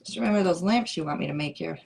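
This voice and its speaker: Middle-aged woman, craft livestream host, slightly low voice, easy playful chatter with the viewers. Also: quick pace, creaky, darkish tone. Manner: chatty and playful, answers comments. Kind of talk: casual chat with live viewers.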